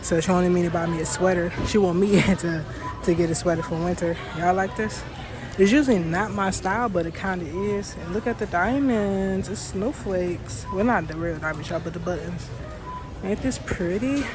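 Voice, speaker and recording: A woman's voice: fairly low pitch, normal speed, background noise. A young woman vlogging while she walks, chatting easygoing with her viewers, laughing often and calling them y'all. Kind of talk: casual vlog chat to viewers. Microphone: wearing mics while walking.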